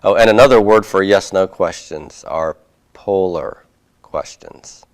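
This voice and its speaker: A man's voice: low-pitched, a little slow. Joking man giving a grammar lecture. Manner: folksy and joking, many fillers and restarts. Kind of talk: classroom lecture.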